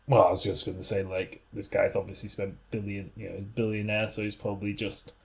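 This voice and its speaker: A man's voice: fairly low pitch, flat delivery, quick pace, vocal fry, husky. A man co-hosting a podcast in casual chat, joking and laughing often. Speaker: podcast co-host.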